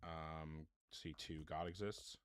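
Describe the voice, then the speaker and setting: A man's voice: very deep voice, fairly even intonation, slow pace, clear, resonant tone, no echo. A man hosting a live call-in debate stream, bluntly questioning callers and restating their premises.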